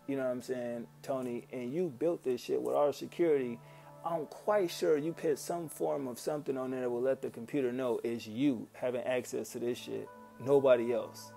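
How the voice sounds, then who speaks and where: A man's voice: medium pitch, normal speed, gravelly, soft background music. A man giving a casual, profane movie rant on his vlog, exasperated, often acting out his own past reactions. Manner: profane, exasperated, animated quoting of himself. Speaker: vlogger.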